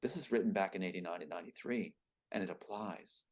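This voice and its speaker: A man guest speaks earnestly in an interview, and he is audibly emotional. He searches for his pages as he talks, in a somewhat low voice. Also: quick pace, darkish tone. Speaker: screenwriter and guest. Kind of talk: interview conversation, reading aloud.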